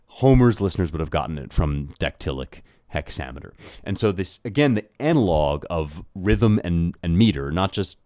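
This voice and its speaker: A man's voice: low voice, lively intonation, moderate pace, dark tone, no echo, clean studio sound. A man giving a thoughtful educational talk on translating poetry, often restarting his phrasing. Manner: thoughtful, with frequent restarts and rhythmic demonstrations. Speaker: host.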